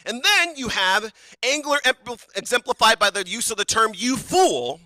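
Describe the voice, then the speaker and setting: Lively, bright-voiced woman preaching. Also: fairly high pitch, normal speed, dry recording. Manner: casual, conversational, joking asides. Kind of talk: sermon.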